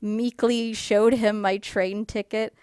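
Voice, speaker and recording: A woman casually telling a personal story to camera in a rambling way, full of fillers, and animated when she quotes people. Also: mid-range voice, normal speed, clear, resonant tone, no echo, studio quality. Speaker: YouTuber.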